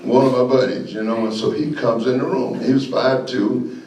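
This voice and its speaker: A man's voice: mid-range voice, moderate pace, far from the mic. Older man telling stories, echoey room. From Florida, USA. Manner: folksy, animated, laughs often. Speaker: guest speaker. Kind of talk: storytelling speech. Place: meeting hall.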